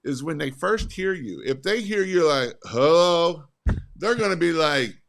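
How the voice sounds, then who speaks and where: A man hosting a podcast, coaching on sales in an energetic, emphatic way and repeating his points. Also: on the high side, moderate pace, vocal fry, slight background noise. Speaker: podcast host. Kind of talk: casual sales coaching chat.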